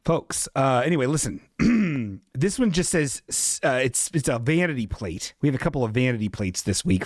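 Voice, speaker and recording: A man's voice: mid-range voice, no echo, studio quality. A man hosting a comedy livestream in casual chat, rambling and self-deprecating, often laughing at his own asides. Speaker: podcast host.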